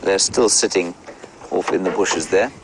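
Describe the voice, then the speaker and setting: A man's voice: low-pitched, a little slow, heavy background noise. A middle-aged man working as a safari guide, chatting live outdoors in a wry, wordy way and answering viewer questions. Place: outdoors in the bush beside a safari vehicle.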